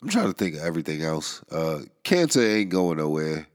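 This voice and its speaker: This is a man with a very low, stuffed-up voice, nasal from a head cold. He hosts his own show in a loose, rambling monologue, wry and quick to chuckle between thoughts. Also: very animated. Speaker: podcast host. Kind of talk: casual monologue. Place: New York area.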